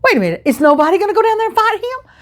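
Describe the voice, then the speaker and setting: A brave young shepherd boy, eager and insistent, with a high, bright voice, as a woman telling a children's Bible story puts him on. He talks quickly and with conviction. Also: big pitch swings.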